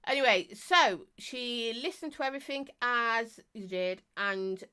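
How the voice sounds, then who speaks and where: A croaky woman chatting casually on a live stream, reviewing vapes and greeting viewers in a chatty, self-mocking way. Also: on the high side, lively intonation, a little slow, pushed and bright.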